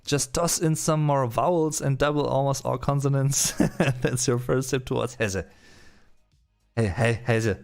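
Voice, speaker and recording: A man with a German accent hosts a live stream, reading viewers' comments aloud and answering in a loose, conversational manner filled with "uh" and "um." His voice sits at an ordinary middle pitch for a man. Faint music plays quietly behind him. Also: fairly even intonation, moderate pace, creaky, clean tone. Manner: casual and chatty, with frequent "uh" and "um". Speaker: host.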